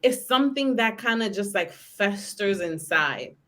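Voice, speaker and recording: Woman podcast host in her thirties, casual and lively, acts out quotes. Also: mid-range voice, a little slow. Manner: animated, acts out quotes loudly. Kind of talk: casual chat.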